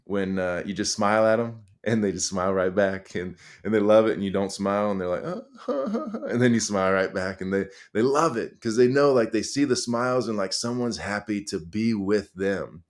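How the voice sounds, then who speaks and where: A middle-aged man, a high school coach, talking through stories in an earnest, animated way with lots of fillers and restarts. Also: fairly quick, few pauses. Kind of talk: conversational storytelling.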